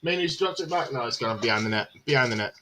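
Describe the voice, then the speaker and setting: A man's voice: medium pitch, animated, quick pace, pushed and bright, slight background noise. A man hosting a live match watchalong stream, chatting casually, calling the play and answering viewer comments with frequent filler words.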